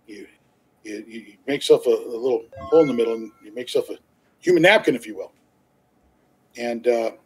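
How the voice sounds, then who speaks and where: The audio is poor, carrying a mid-range male voice that's a bit mellow with a breathy edge. Chatting casually with his co-host on a live stream, he spins out a long, meandering story full of fillers and false starts, laughing readily as he goes.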